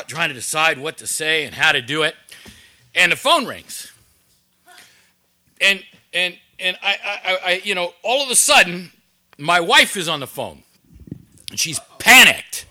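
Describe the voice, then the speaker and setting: A man's voice: high voice, bright, forceful tone. A middle-aged man telling a story in a sermon to a recovery group, acting out the dialogue. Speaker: recovery ministry teacher.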